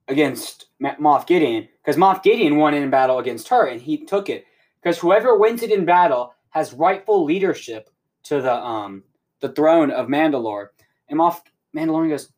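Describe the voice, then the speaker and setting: Young guy rambling thru a show recap, kinda high voice, swears constantly. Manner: rambling, excitable, swears often. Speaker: podcast host. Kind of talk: casual recap chat.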